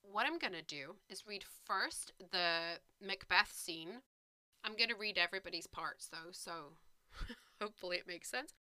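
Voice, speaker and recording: A woman teaching English to learners, reading a play and a novel aloud and explaining the words clearly and patiently. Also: mid-range voice, animated, measured pace, pushed and bright, dry recording. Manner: clear and patient, with light laughs.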